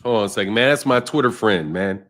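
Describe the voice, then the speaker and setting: A man's voice: fairly low pitch, animated, quick pace, a bit bright. A man casually talking boxing on a livestream, reading and answering chat comments, often repeating himself. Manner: conversational, repeats himself, addresses chat by name.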